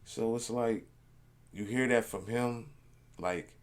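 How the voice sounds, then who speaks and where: A man's voice: medium pitch, steady tone, slow pace. A man hosting a reaction video, chatting casually in a rambling, laid-back, slangy way.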